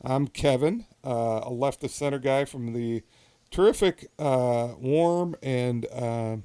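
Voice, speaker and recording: A man from Wisconsin co-hosting a laid-back podcast, his voice dark and mellow. He talks in halting bursts, full of uhs and ums, and laughs easily. The sound is close and dry. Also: medium pitch, clean tone, no echo. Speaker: podcast co-host. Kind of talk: casual chat over drinks.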